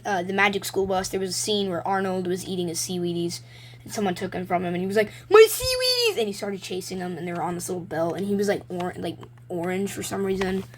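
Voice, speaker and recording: A young woman talks through her homemade comics in a loose, rambling show-and-tell. Her voice sits at an ordinary middle pitch, picked up close on a phone. A faint hiss runs underneath. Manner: rambling, chatty, reads her own comics aloud with quick silly voices. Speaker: vlogger showing her drawings. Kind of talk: casual show-and-tell vlog. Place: home room, lights turned down.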